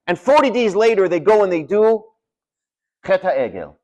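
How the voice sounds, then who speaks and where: Animated rabbi with a lively, high voice. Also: male voice, normal speed. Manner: animated storytelling with dramatic drops in volume. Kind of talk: sermon. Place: synagogue study hall.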